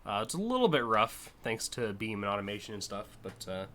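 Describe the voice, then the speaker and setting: A man's voice: lowish voice, sing-song, brisk, a bit bright. A man streaming live, casually and enthusiastically judging car designs, with frequent fillers and swearing.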